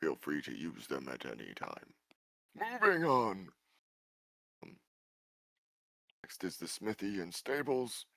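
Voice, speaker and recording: A man's voice: a bass voice, very animated, normal speed, gravelly, few pauses, no echo. A man narrating a tabletop game as game master, rambling with many fillers.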